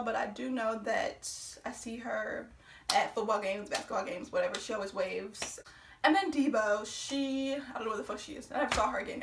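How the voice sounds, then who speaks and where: A young woman telling a personal story on her vlog, animated and profane, acting out the quotes. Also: on the high side, gravelly, reverberant, far from the mic. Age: young adult. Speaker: vlogger.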